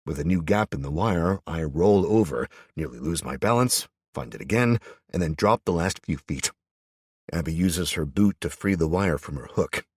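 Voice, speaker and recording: A man's voice: low voice, animated, normal speed, breathy edge, no room sound, clean studio sound. A man narrating a first-person audiobook in a tense, wry manner.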